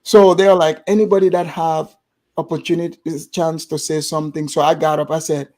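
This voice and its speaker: A man from Gambia with a Gambian accent, telling an animated story in casual chat and acting out the voices of others. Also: on the high side, brisk. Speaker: guest storyteller.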